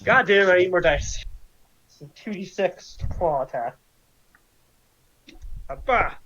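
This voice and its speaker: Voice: medium pitch, normal speed, a bit bright. A game master running a tabletop game, counting dice rolls aloud and laughing often. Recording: slightly dull lo-fi sound.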